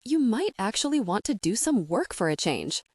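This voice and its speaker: A woman's voice: mid-range voice, very animated, moderate pace, darkish tone, no echo, studio quality. A woman voicing a sarcastic, irritable sixteen-year-old girl in an audiobook. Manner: sarcastic, snappy. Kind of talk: audiobook character voice.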